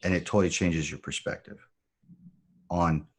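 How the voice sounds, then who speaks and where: Male podcast guest, former Marine, deep voice, measured storyteller. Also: steady tone, breathy edge. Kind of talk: storytelling in conversation.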